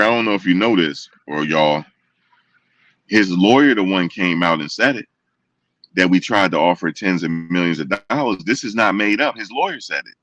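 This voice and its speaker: Host type: low-voiced man, chatty and repetitive, dry close sound. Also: dry recording, far from the mic. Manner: animated, repetitive storytelling with quoted voices. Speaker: show host. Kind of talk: casual commentary to viewers.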